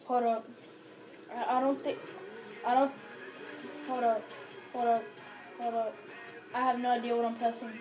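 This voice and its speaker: A woman chatting casually with friends while gaming, loud and excitable, swearing freely. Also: fairly high pitch, moderate pace, long pauses, music in the background, low-quality recording. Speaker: gamer playing with friends.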